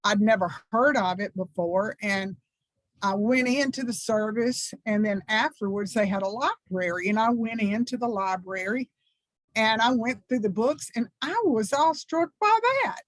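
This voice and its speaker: A woman's voice: on the high side, expressive, normal speed, dry recording, poor audio. A woman in her sixties with a Southern US accent, a reverend telling personal stories in a talk at church, enthusiastic and folksy. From American South. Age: 60s. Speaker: reverend, guest speaker.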